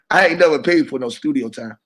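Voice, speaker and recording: A man's voice: on the high side, normal speed, fairly bright tone. A man freestyling in a loose stream of rhyming wordplay, then chatting casually and cursing often. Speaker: host. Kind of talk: freestyle rap and rambling chat. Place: indoors, sitting.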